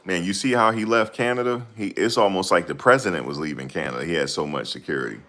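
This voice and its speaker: A man's voice: low-pitched, fast, a bit bright. A man hosting a casual stream, reading and answering chat comments in a rambling, slangy way. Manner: rambling, slangy, laughs a lot.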